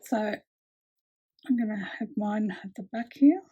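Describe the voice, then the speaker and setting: A woman's voice: mid-range voice, slow pace, mellow, husky. A woman chatting casually with lots of fillers while she demonstrates a craft project with her hands. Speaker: craft tutorial host.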